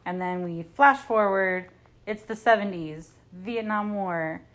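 A woman's voice: medium pitch, takes it slowly, a bit bright. A woman co-hosting a casual podcast, giving an irreverent, sarcastic movie recap and swearing freely. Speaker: podcast co-host.

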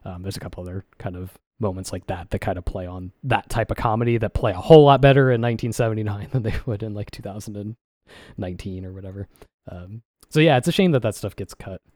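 A man's voice: fairly low pitch, fast, darkish tone, dry recording, clean studio sound. A man co-hosting a podcast in casual chat, rambling with many fillers and acting out quotes from what he watched. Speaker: podcast co-host.

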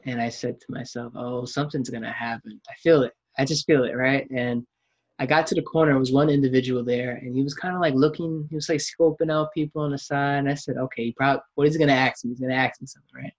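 A man tells a story in a casual chat and acts out every quote he retells. His voice is slightly husky, and the sound is dull and lo-fi. He pitches his delivery mid-range for a man. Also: fast talker. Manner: animated storyteller, acts out quotes, laughs while telling.

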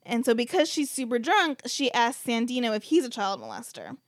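A woman's voice: a little high, wildly swooping pitch, brisk, slight background noise. A woman host casually recapping a movie plot, telling it as a chatty story full of "like" and freely swearing. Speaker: podcast host.

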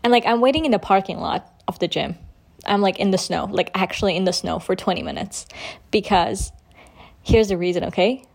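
A young woman hosting a podcast, telling a story in a chatty, casual way and acting out the quoted lines in a higher voice. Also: fairly quick, creaky. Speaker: podcast host.

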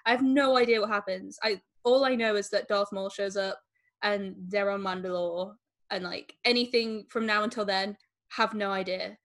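A woman talking casually about a film, excited and chatty. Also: medium pitch, moderate pace. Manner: excited, laughing often, chatty.

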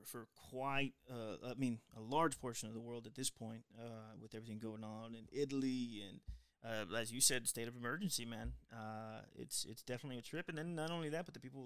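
A man from South Texas hosting a podcast in casual chat, relaxed and rambling after a booming announcer-style opening. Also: smooth, no room sound. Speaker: podcast host.

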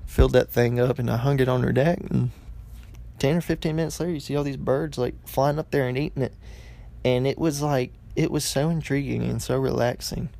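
Young dude rambling through a funny story, gravelly voice, says like and uh a lot. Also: male voice, mid-range voice, fairly even intonation, a little fast, warm tone. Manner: rambling, lots of fillers and restarts. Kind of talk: casual comedic storytelling.

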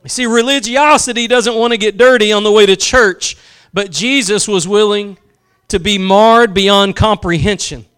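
A man preaching a sermon with passion, building slowly with emphasis and dropping into soft asides. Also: sits high, clear, resonant tone. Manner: impassioned, swings between slow emphatic build-ups and soft asides.

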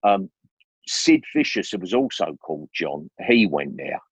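Deep-voiced older man, chatty. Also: big pitch swings, a little slow, breathy edge, no echo. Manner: chatty, with many restarts and slang. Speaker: guest. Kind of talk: rambling casual storytelling. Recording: dry, dull lo-fi recording.

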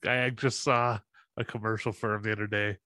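A man's voice: lowish voice, little pitch movement, brisk, pushed and bright. Laid-back man answering trivia questions. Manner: laid-back, laughs easily, mild swearing. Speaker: podcast co-host and quiz contestant. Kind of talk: casual chat.

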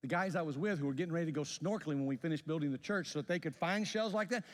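Male pastor, sermon delivery, halting storyteller, long hall reverb. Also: fairly high pitch. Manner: storytelling with repeated stammered restarts.

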